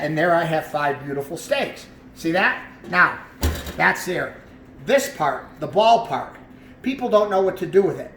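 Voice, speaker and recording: A man's voice: on the high side, fairly bright tone, slight background noise. A man, a chef, talking viewers through trimming a tenderloin in a casual cooking demonstration, chatty and asking them questions. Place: kitchen. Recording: echoey room with faint ambience.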